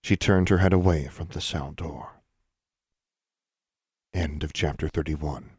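A man reading a story aloud as audiobook narrator, in a steady, measured voice. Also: a bass voice, husky. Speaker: audiobook reader.

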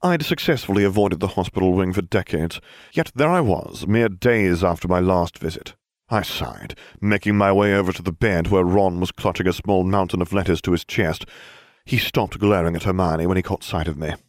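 A man narrating a story in the first person as a smug, scheming teenage wizard, with a wry, deadpan delivery. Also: low voice, normal speed, dry recording, studio quality. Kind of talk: fan fiction audiobook reading.

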